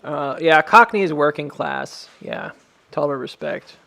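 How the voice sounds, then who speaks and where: A man's voice: fairly high pitch, unhurried, creaky, sharp tone. An American man hosting a live stream from home, chatting casually, rambling and laughing often at his own jokes.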